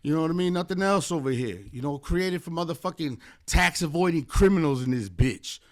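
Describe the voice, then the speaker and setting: Guest attorney, American man, higher register, passionate profane rant-style talk. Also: lively intonation, fairly quick. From United States. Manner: fervent, heavily profane, rambling with many fillers. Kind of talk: impassioned casual podcast chat.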